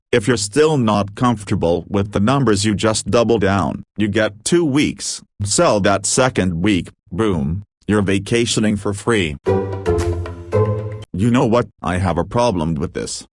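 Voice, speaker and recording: Low-voiced man reading stories. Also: no room sound, clean studio sound. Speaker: narrator. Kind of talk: scripted narration.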